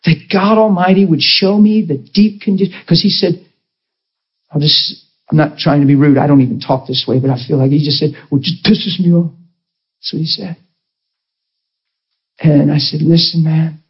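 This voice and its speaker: Husky preacher man telling a story. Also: fairly high pitch, steady tone, normal speed, long pauses, lo-fi sound. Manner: emotional, acts out quoted voices. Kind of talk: storytelling sermon.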